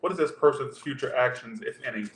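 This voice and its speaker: A man's voice: mid-range voice, fast, fairly bright tone. A man giving a casual tarot reading, talking loosely and straight to his viewers. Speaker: tarot reader. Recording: roomy echo with faint background hum.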